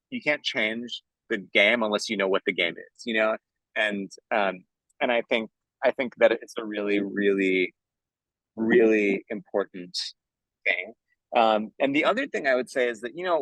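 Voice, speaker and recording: An earnest, animated man answers interview questions in a loose, chatty way. He keeps dropping in "like" and "you know". The sound is dry, with little room around his voice. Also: lowish voice, dry recording, poor audio. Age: adult, working in theater for years. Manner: enthusiastic, earnest. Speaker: musical theater composer, interview guest.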